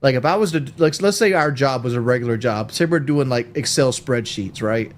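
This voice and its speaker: A man on a late-night call with another streamer, explaining himself haltingly with lots of analogies and asides. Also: mid-range voice.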